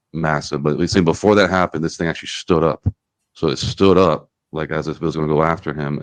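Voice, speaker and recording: A man's voice: rumbling low, no room sound. A man casually retelling a story as a podcast host, rambling with many fillers and restarts.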